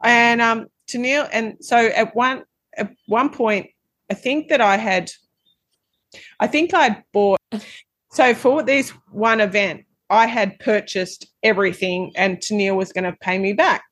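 A woman's voice: a little high, unhurried, a bit bright, dry recording. A woman co-hosting a podcast, teasing her friend in a chatty, storytelling way. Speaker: podcast co-host. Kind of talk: casual chat.

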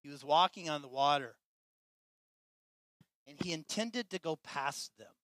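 A man preaching a sermon to his church with passion, swinging between loud, emphatic lines and quiet, hushed ones. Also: a little high, a little slow, no room sound. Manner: impassioned, swinging from loud to soft. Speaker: pastor.

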